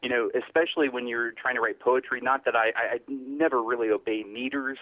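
A man, a guest poet, chatting haltingly and repeating words, then reading his poem aloud. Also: medium pitch, steady tone, no echo. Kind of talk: casual chat and poetry reading. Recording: tinny phone line.

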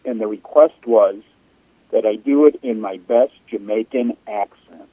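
Slow, hesitant man on a radio show. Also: fairly low pitch, husky, no echo. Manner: hesitant, full of restarts. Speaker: regular poet guest. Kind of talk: radio talk show chat. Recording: lo-fi radio sound.

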